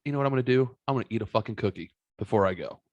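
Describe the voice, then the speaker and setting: This man in his thirties races through a long podcast story in a mid-range voice, captured on a dry, dull-sounding recording. He keeps it casual, curses freely, and animatedly performs the quotes of the people involved.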